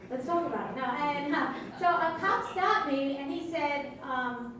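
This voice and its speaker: A woman's voice: sits high, unhurried. A woman, emceeing stand-up comedy in a club with wry, teasing crowd work. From Brooklyn, New York. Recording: echoey club audio from far off.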